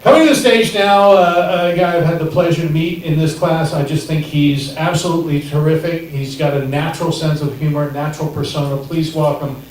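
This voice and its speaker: A man's voice: a little high, steady tone, a little fast, few pauses, a little hiss or hum. A man who teaches comedy, emceeing a showcase and teasing the crowd with loose banter. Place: comedy theater stage. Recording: echoey theater, mic at distance.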